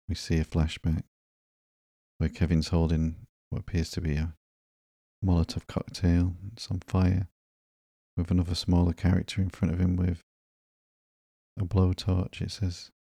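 A man hosting a podcast, narrating comic books slowly and drowsily in a calm, unhurried way. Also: low voice, creaky, husky, dry recording, clean studio sound. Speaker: podcast host. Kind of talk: slow, sleepy comic book narration.

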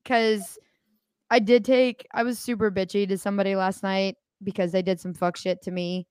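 A young woman co-hosting a podcast, animated and swearing often as she acts out quotes. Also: medium pitch, normal speed, clean tone, no room sound, studio quality. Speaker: podcast co-host. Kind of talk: casual podcast chat.

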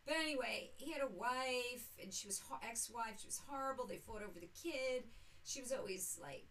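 A woman's voice: fairly high pitch, fairly quick, a bit bright, slight background noise, rough recording. A mother chatting on a podcast as a guest, telling rambling stories with wry, blunt remarks. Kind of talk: casual podcast chat.

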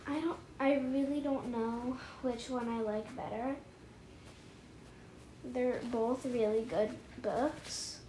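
A woman reads a children's book aloud for her podcast and chats about it afterward, gushing and often repeating herself. Her voice sits a bit high and has a soft, mellow tone. There is faint background noise. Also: steady tone, slow, poor audio. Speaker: podcast storybook reader.

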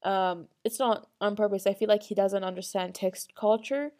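A woman's voice: medium pitch, steady tone, normal speed, dark tone. A young woman talking casually and earnestly to her audience, rambling with restarts and small laughs. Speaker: vlogger. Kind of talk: casual personal monologue.

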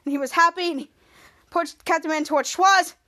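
Podcast host, female, very high and bright voice, rambling casual recapper who acts out character lines with excitement. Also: brisk. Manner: rambling, repeats "cut to" and "somehow".

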